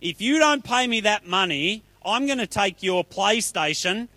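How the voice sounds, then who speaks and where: A bossy man presses hard for his money in a fairly high, dry voice. A man plays him while telling a story. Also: expressive, unhurried, bright, forceful tone, no room sound, full character voice. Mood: demanding. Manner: insistent, bossy. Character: demanding man Fred, owed money.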